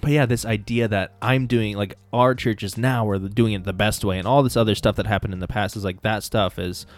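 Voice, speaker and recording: A man's voice: lowish voice, fairly even intonation, fairly quick. A man hosting a casual faith podcast, talking earnestly and rambling with many "like" fillers. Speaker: podcast host.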